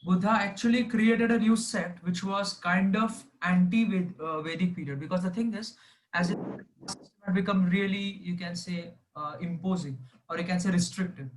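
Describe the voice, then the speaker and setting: High-voiced man explaining with fillers. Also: normal speed, rough recording. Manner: explanatory, agreeable, hesitant fillers. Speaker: discussion participant. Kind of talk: casual group discussion.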